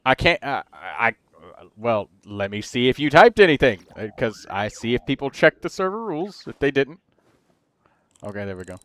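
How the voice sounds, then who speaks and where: A man's voice: medium pitch, big pitch swings, a bit bright. A man hosting a game livestream, chatting casually and rambling through build advice. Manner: chatty, rambling, quick asides to chat.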